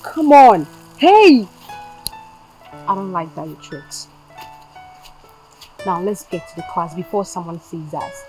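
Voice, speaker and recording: An actress doing a flustered schoolgirl in a youth drama, pleading slowly and deliberately as she pushes him away. Soft music plays underneath. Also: lowish voice, fairly even intonation, close to an everyday voice, low-quality recording. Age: young adult.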